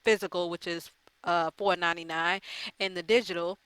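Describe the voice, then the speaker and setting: A woman's voice: fairly low pitch, steady tone, moderate pace, a bit bright, smooth, no room sound. A woman gaming YouTuber chatting casually to her viewers, rambling and profane with lots of fillers. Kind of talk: casual chat to camera.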